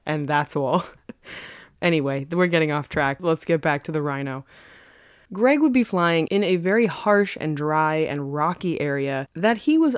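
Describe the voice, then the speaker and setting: A woman's voice: low-pitched, clean tone, dry recording, clean studio sound. A woman hosting a podcast, telling a story in a chatty, casual way and laughing often. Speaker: podcast co-host.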